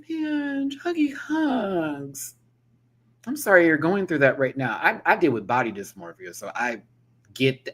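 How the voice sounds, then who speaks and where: A man's voice: medium pitch, breathy edge. A man hosting a live-stream reaction, chatting casually, laughing often and mimicking people as he tells the story. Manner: animated, laughs often, mimics others in quoted asides; calls to viewers by name, affectionate. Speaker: drag show reviewer, host.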